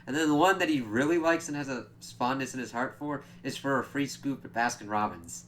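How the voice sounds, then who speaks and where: A man's voice: medium pitch, a little fast, fairly bright tone, slight background noise. A man giving a casual, rambling spoken review of a TV episode, with loose asides and frequent fillers.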